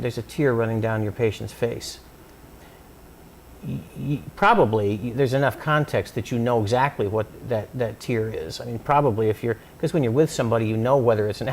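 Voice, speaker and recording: A man's voice: mid-range voice, a little mellow. Thoughtful man explaining with many restarts. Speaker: psychoanalyst interviewee. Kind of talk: thoughtful conversational interview.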